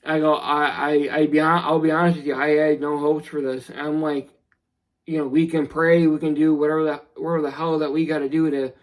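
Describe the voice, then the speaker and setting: A young man telling a personal story in a vlog, earnest and somber, halting with many restarts. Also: a little high, little pitch movement, poor audio. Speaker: vlogger.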